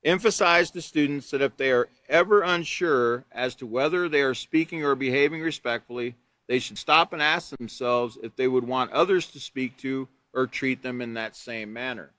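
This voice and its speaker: A man's voice: medium pitch, moderate pace, few pauses, no echo. A man leading a live online training course for teachers, reading steps from a manual and explaining them with examples. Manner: reads from a manual, then explains with lively examples.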